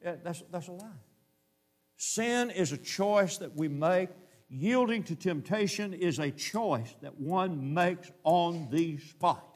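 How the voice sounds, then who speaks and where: A man preaching a sermon, emphatic, slowing down to stress key phrases and repeating his points in lists. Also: high-pitched, expressive.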